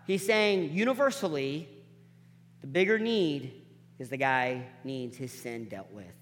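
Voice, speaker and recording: Male preacher, higher register, lively storytelling delivery that drops soft for emphasis, in a church hall with a long reverb. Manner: animated, acts out the people in the story with quick voice changes; drops to soft, quiet emphasis on key points. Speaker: pastor. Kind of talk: sermon.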